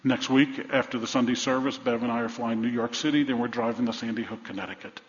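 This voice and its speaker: Pastor preaching in a reverberant sanctuary. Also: male voice, medium pitch, fairly even intonation, quick pace. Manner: storytelling, emphatic repetition. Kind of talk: sermon. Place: large church sanctuary. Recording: dull church recording with long reverb.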